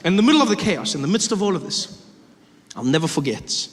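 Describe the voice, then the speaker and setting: A man from Africa, telling a story on stage in an animated way and acting out every character. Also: a little high, fast talker. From South Africa. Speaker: stand-up comedian. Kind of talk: stand-up storytelling. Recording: echoey theater with audience noise.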